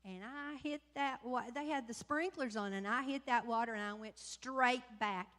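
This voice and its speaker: A woman's voice: fairly high pitch, moderate pace. Rambling woman in a reverberant sanctuary. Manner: rambling, animated storytelling with restarts. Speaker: mission trip member giving report. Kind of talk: casual testimony to congregation. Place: church sanctuary. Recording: long church hall reverb.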